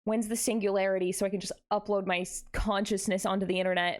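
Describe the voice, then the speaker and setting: A woman's voice: mid-range voice, fast talker, few pauses. A young adult woman streaming live, chatting casually with her viewers in a playful, dramatic way. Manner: animated, playful, dramatic exclamations.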